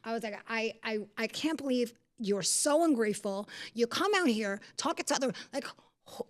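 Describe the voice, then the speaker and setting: A woman's voice: a little high, moderate pace. A woman hosting a casual studio chat, telling a story and acting out what everyone said. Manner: animated storytelling, acts out quotes. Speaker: host. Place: recording studio.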